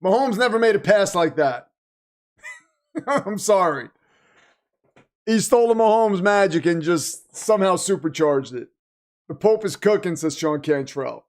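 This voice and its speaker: A man hosting a live watch party, reacting excitedly to the game and reading viewer comments aloud, his voice getting worn. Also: high-pitched, unhurried, long pauses. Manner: animated, exclaiming, reads chat aloud. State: losing his voice. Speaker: livestream host.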